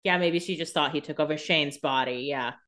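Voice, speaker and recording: A woman's voice: deep voice, brisk, fairly bright tone. Wry woman joking about a TV show. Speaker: podcast co-host. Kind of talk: casual chat.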